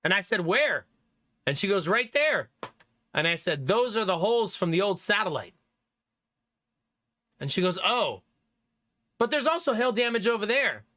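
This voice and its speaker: A man streaming live, chatting casually with his viewers, animated and laughing often, with some swearing. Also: high-pitched, moderate pace, pauses often, no room sound.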